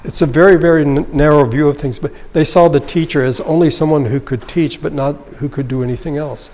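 A man's voice: a little high, fairly even intonation, fairly quick, a little mellow, big-room sound. A man leading a Bible study, reading scripture aloud and then explaining it in a conversational way. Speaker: Bible teacher.

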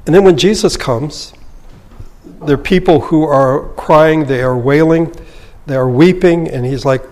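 A man's voice: on the high side, a little slow, a little mellow. Man teaching a Bible lesson, reverberant room. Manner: reads scripture aloud, then comments in a conversational, explanatory way.

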